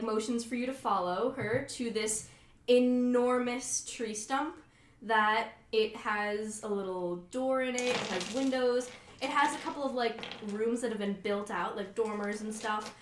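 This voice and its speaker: A woman's voice: mid-range voice, echoey room. A young woman narrating as game master of a tabletop game, hesitant and full of fillers.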